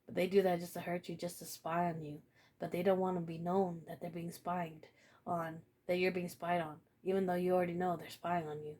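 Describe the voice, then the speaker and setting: A woman's voice: on the low side, level tone, fairly quick, a little mellow. A woman giving a casual spiritual reading to camera, blunt and profane, repeating phrases and laughing often. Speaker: tarot reader.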